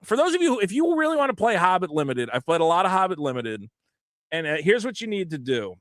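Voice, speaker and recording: Animated ranting podcast host. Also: male voice, high voice, fast talker, dry recording, studio quality. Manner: animated, profane ranting with acted quotes. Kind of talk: casual podcast chat.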